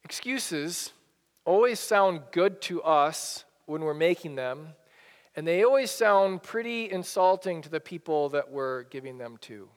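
A man's voice: on the high side, lively intonation, a little slow. Pastor guy preaching, chatty, keeps restarting his sentences, long church reverb behind him. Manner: conversational, repeats and restarts phrases. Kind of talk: sermon. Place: church sanctuary.

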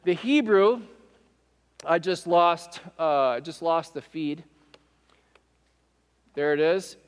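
A man preaching a sermon as pastor. He talks in an animated way, acts out quoted speech and puts questions to the congregation in a church sanctuary. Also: on the high side, slow, clean tone, big-room sound.

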